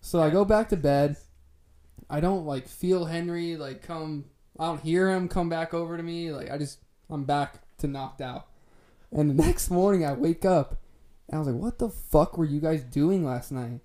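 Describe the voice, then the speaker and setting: A man's voice: on the high side, normal speed, mellow. A young man casually telling a long story to friends, laid-back and swearing freely with plenty of "like" fillers. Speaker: podcast co-host telling a story.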